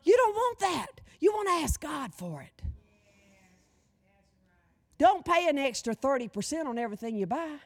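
A woman in her sixties delivers a lively sermon in a high voice. Her pitch swings widely as she calls out to the congregation for a witness. She mixes folksy humor into her preaching. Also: moderate pace, pauses often. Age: 60s. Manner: animated, calls for audience response, folksy humor.

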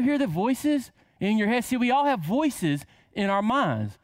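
A man's voice: extremely high pitch, sing-song, unhurried, no echo. A man preaching a casual sermon to camera, asking rhetorical questions and drawing words out for emphasis.

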